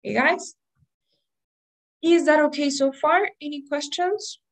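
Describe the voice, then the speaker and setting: Woman, teacher, online class, explanatory, fairly high voice. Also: slow, poor audio. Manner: explanatory, asks "right?" often. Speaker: English test prep teacher.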